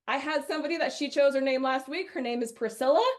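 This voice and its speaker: High voiced middle aged woman from wisconsin running a sales webinar, bubbly and chatty. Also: fast talker. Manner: energetic, chatty, often acts out quoted customers. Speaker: sales trainer. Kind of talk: webinar training talk.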